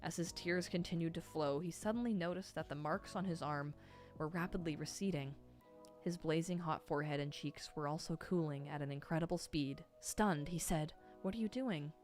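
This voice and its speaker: A woman's voice: deep voice, fairly even intonation, normal speed, darkish tone, soft background music. A woman reading a novel aloud expressively and breaking off for emotional asides. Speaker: novel reader.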